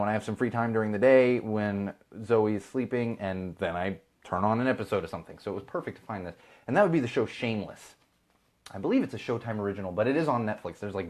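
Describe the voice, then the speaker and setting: A man's voice: on the low side, a little mellow. A man in his thirties hosting a podcast, chatting casually and ranting with sarcastic asides. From Chicago, USA. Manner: ranting, sarcastic asides, mimics other people. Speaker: podcast host. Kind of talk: casual live-stream chat.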